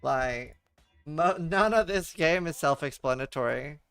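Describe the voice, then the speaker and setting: Smooth-voiced man streaming a game. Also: fairly high pitch, a little slow, fairly bright tone, no room sound, faint music behind. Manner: swears and stammers, mutters to himself. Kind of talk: casual livestream chat while gaming.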